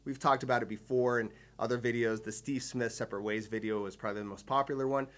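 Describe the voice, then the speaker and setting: A man's voice: mid-range voice, steady tone, fast talker, fairly bright tone. A man giving a drum lesson, explaining patterns step by step with enthusiasm and counting beats aloud. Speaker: drum teacher. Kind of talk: instructional video lesson.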